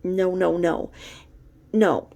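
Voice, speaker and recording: Gravelly-voiced woman ranting sarcastically. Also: lowish voice, steady tone, drawn-out words, dark tone. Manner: blunt, sarcastic, profane. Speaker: commentary podcaster. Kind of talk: gossipy commentary rant.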